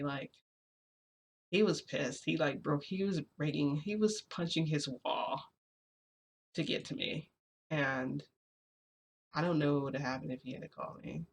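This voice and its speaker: A vlogger venting casually to viewers, rambling and confessional with lots of restarts and fillers. The voice has a gravelly, creaky edge at a middling pitch. Faint noise hums beneath it. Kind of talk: casual vlog chat, venting.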